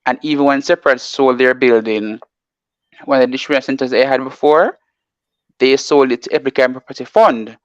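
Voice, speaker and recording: A man's voice: mid-range voice, a little fast, no room sound. Man analyst, dry dull-sounding mic. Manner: reads out formal text, then explains at length with many "you know"s. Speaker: market analyst. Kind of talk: explaining finance on a live show.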